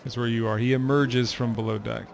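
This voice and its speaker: A man narrating as a game master, describing scenes in a relaxed, hesitant way with many ums. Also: medium pitch, fairly quick, creaky, slight background noise.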